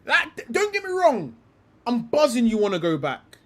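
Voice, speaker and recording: A young man rants through a livestream, swearing and using heavy slang. His voice sits high for a man. It swings all over the place in pitch. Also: normal speed. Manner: animated and profane, heavy slang. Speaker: livestream host. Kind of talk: profane livestream rant.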